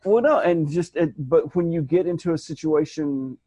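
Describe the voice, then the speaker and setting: A man chatting casually as a podcast co-host, rambling and animated, restarting his sentences and slipping into mock voices. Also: on the high side, normal speed, no room sound. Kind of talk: casual chat.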